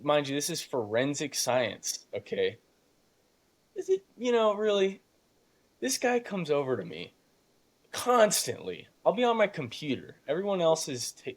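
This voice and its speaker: An eighteen-year-old man, a podcast guest, telling stories in casual talk, mocking the people he quotes and saying "dude" a lot. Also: mid-range voice. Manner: animated storytelling, mocking quoted voices, says dude. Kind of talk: casual interview chat.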